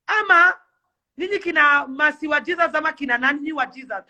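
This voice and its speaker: A young woman with a Kenyan accent speaks in an impassioned rant to camera. Her voice is bright and sharp. She pleads and fires off rapid rhetorical questions. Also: sits high. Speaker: celebrity influencer.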